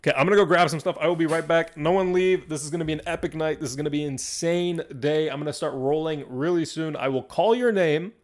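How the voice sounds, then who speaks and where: A man hosting a live stream from a card shop, talking to viewers in an excitable, rambling way and laughing often. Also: a little high, quick pace, hardly any pauses. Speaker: livestream host of a card shop.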